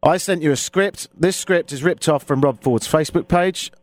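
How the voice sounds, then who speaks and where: A man's voice: on the high side, normal speed, dry recording. A man hosting a comedic radio show, talking in a sarcastic, theatrical way. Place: Toronto, Canada.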